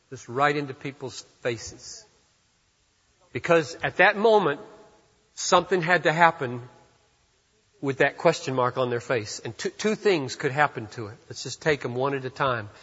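A man preaching a sermon as pastor, moving from hushed, slow reflection to loud, emphatic passages. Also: a little high, breathy edge. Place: church sanctuary. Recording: dull reverberant church hall.

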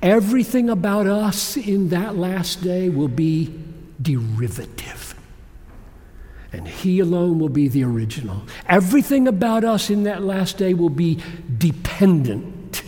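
A man preaching a sermon, swinging between loud exclamations and hushed whispers. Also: high-pitched, moderate pace. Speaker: pastor. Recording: long hall reverb.

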